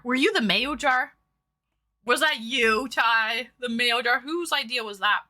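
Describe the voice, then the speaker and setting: On a casual livestream, a woman from Toronto, Canada, speaks a little slowly in a high, pushed, bright voice. She greets viewers by name in a bubbly, chatty manner while her nose runs from hot sauce.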